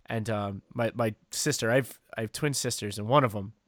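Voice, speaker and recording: A man's voice: on the low side, moderate pace, dry recording, studio quality. A man co-hosting a wrestling podcast, chatting casually and telling a long story with many fillers and restarts. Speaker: podcast co-host. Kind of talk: casual chat.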